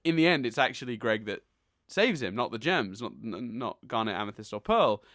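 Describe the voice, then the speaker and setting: A man's voice: mid-range voice, sing-song, fairly quick, a bit bright, no room sound, studio quality. A man hosting a casual podcast, recapping a cartoon episode in a chatty way and laughing often. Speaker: podcast host.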